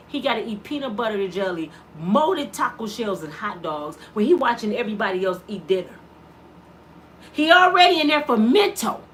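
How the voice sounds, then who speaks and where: A middle-aged woman giving an impassioned vlog monologue as a mother, preaching with rhetorical questions in casual dialect. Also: a little high. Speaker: mother of an inmate, vlogger.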